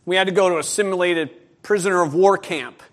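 Animated man preaching a sermon. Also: sits high, a little fast. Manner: animated storytelling, acts out voices. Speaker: pastor. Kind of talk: sermon with personal story.

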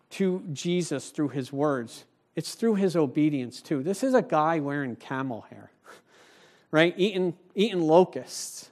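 A male pastor preaching a sermon in a church, animated and conversational, speaking directly to the congregation. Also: high-pitched.

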